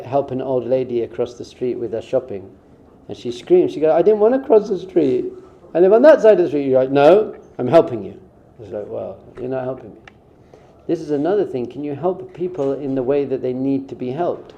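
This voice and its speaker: A rabbi delivering a relaxed spiritual talk in a deep, mellow male voice. He speaks informally and slips into little acted-out exchanges. The recording sounds somewhat dull and muffled. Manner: informal, acts out short quoted exchanges. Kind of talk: conversational spiritual teaching.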